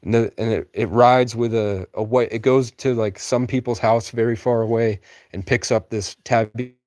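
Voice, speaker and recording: A young man with a fairly high voice, rambling loosely through a live stream from the woods at night and swearing casually. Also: steady tone, moderate pace, a little mellow. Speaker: livestreamer.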